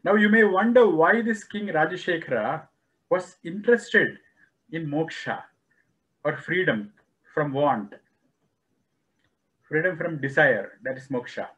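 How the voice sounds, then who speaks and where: A man lecturing on Vedic philosophy, telling a story in a slow, measured way and explaining each term. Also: on the high side, fairly bright tone, rough recording. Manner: acts out quoted dialogue in the story.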